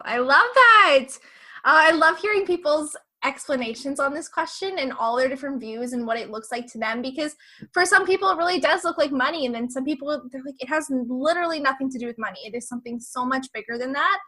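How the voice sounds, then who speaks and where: A woman's voice: high-pitched, quick pace, pushed and bright. A young woman hosting a podcast in an effusive, gushing casual chat, dropping mild swears. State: pregnant. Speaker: podcast host.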